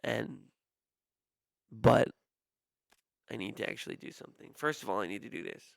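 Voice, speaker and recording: Streamer, young man, gravelly voice, dry close sound, profane exasperated storyteller. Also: fairly low pitch, normal speed, dry recording. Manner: profane, exasperated ranting with mock-quoted voices. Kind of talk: casual livestream storytelling rant.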